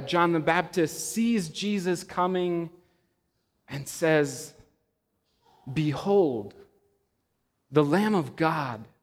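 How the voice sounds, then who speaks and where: A man preaching a sermon to a church congregation, slow and measured, with dramatic pauses and swelling emphasis. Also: on the high side. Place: church sanctuary. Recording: long reverb of a church hall.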